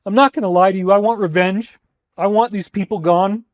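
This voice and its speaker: Male lecturer, high pitch, intense and rambling, dry recording. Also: fairly even intonation, brisk, no room sound. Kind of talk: emotional lecture to an audience.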